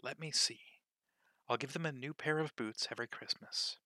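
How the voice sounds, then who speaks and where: Man as a fretful, puzzled little girl in a storybook, bright and raised voice, crisp dry read. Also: medium pitch, moderate pace, dry recording. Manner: wondering, fretful talking to herself. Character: curious, easily flustered young girl.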